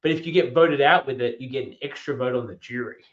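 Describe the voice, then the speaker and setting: A man hosting a casual podcast chat, enthusiastic and quick to restart his sentences. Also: medium pitch, muffled recording. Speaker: podcast host.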